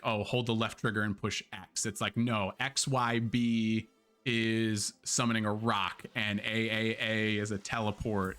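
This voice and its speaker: Bright-voiced chatty male streamer. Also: lowish voice. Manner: chatty, lots of fillers, candid with swearing. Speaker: streamer and host. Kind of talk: casual live-stream game review.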